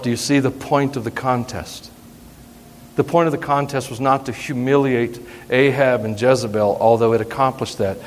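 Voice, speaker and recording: A male pastor preaching a sermon in an animated, humorous way, teasing his congregation. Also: mid-range voice, normal speed, a little hiss or hum. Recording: long hall reverb.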